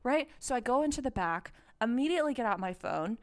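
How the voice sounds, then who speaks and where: A young woman telling a story in casual chat, animated and swearing, with lots of "like". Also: fairly high pitch, fairly quick. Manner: animated, swearing, heavy use of "like". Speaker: podcast co-host.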